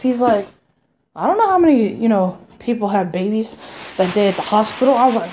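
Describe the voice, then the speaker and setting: A young woman telling a story casually at home, animated and swearing freely as she quotes people. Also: medium pitch, fairly quick, a little hiss or hum. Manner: animated, profane, quotes people in raised voices. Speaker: vlogger.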